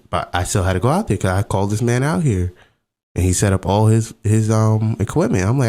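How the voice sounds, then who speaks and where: A young man with a deep, low voice hosts a casual podcast monologue. He is candid and self-mocking, with plenty of profanity, and talks in a relaxed, conversational way. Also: fairly quick. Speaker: podcast host.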